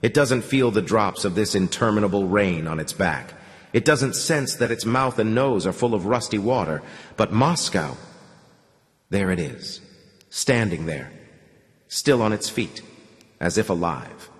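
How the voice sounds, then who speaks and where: A man reading an audiobook in measured, somber scripted narration. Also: on the low side, expressive. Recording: long reverb.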